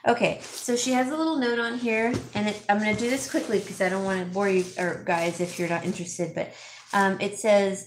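A middle-aged woman hosting a casual haul vlog, chatting warmly and thanking viewers by name as she opens gifts. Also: medium pitch, fairly even intonation, fairly quick. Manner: chatty, gushing, reads viewer names aloud. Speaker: vlog host, home stager. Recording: roomy echo, faint background noise.

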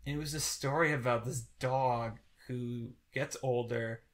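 A young man in his twenties co-hosting a podcast, rambling in a halting way with many restarts and getting teary as he talks. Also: medium pitch, fairly even intonation. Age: 20s. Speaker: podcast co-host. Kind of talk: casual podcast chat.

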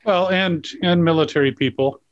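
A man's voice: a little high, normal speed, dry recording. A man interviewing a guest, asking long, searching questions. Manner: rambling, searching questions with fillers. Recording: dull dry lo-fi sound.

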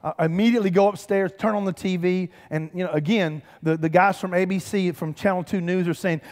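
Man, pastor, high voice, animated conversational sermon, reverberant church hall. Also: a little fast, hardly any pauses. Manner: animated, conversational preaching with humor and audience call-outs. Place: church sanctuary.

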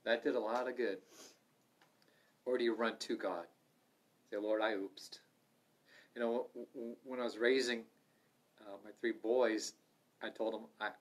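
A middle-aged man leads a Bible study over a livestream microphone, speaking earnestly and conversationally at a medium pitch. He swings between loud urging and soft asides.

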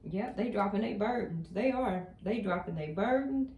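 A woman's voice: mid-range voice, lively intonation, normal speed, darkish tone, reverberant, slight background noise. A woman giving a casual tarot card reading. She talks emphatically and keeps repeating her points with chatty affirmations. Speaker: tarot reader.

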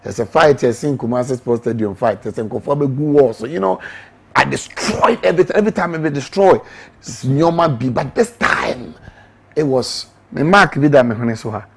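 A man's voice: mid-range voice, expressive, normal speed, husky. A middle-aged man with a Ghanaian accent giving an emotional testimony in an interview, mixing English and Twi as he tells his story. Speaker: interview guest, evangelist.

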